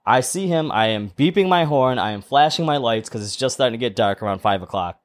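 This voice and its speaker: A man's voice: mid-range voice, fairly quick. A man co-hosting a casual podcast, telling a story at length and acting out the people in it. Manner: animated storyteller, acts out quoted voices. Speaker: podcast co-host.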